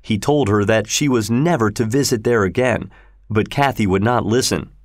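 A man narrating a story in a steady, measured way. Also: fairly low pitch, no room sound, studio quality. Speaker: audiobook narrator.

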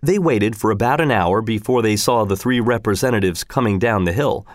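A man's voice: lowish voice, fairly quick, no room sound. A man reading a storybook aloud in a dry, wry narrating manner.

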